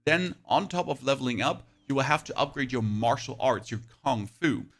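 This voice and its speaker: A man with a German accent narrates his gameplay with eager, rapid calls of each move. His voice carries a gravelly fry at a middle pitch. He is a gaming video host walking viewers through what he plays. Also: animated, a bit bright. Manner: enthusiastic, rapid play-by-play calls. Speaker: gaming youtuber. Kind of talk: gameplay commentary.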